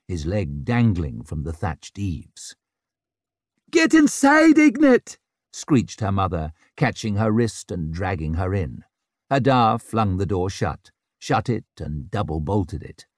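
A man narrating a fantasy novel as an audiobook, telling it in an expressive, dramatic way. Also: low voice, a little slow, dry recording, clean studio sound.

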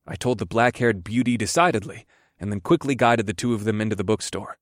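A man's voice: fairly low pitch, moderate pace, no echo, clean studio sound. A man narrating a first-person audiobook in an amused storytelling manner.

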